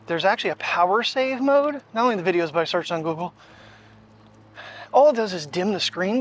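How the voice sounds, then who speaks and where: A man's voice: sits high, a bit bright, a little hiss or hum. A man chatting casually to the camera while out on a walk, rambling and thinking aloud with lots of fillers. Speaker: daily vlogger. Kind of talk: casual vlog chat. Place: outdoors on a walk. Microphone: wireless clip-on mic.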